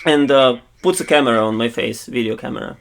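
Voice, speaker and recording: Halting male voiceover with many fillers. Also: mid-range voice, vocal fry, slight background noise. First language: Russian. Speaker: interviewee voiced by an English voiceover. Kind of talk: English voiceover of an interview.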